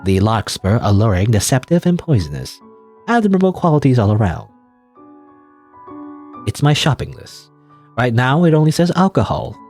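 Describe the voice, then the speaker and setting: A man's voice: mid-range voice, big pitch swings, moderate pace, pauses often, darkish tone, faint music behind. A man doing a bitter old reclusive heiress. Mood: sardonic. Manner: dry, sardonic grumbling.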